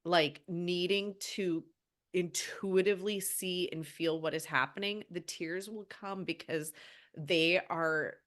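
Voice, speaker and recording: A heartfelt woman with a somewhat low voice speaks as an animal healer on a podcast. She is earnest and gentle. She often breaks off and restarts her sentences as she talks. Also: fairly even intonation, takes it slowly. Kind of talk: casual podcast conversation.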